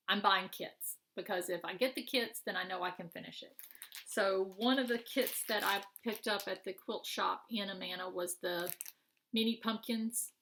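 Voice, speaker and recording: A middle-aged woman, a craft vlogger, presents her purchases in a casual show-and-tell, friendly and rambling with many fillers and restarts. Her mid-range voice is pushed and bright, with a little hiss or hum in the recording.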